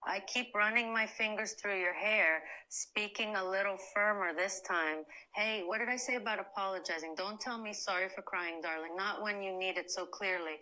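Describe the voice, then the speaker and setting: Casting: woman as a cold, proud woman turned gentle, with a bright, soft, slow, soothing comfort role-play read. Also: medium pitch, close to an everyday voice, low-quality recording. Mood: tender. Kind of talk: first-person comfort role-play narration.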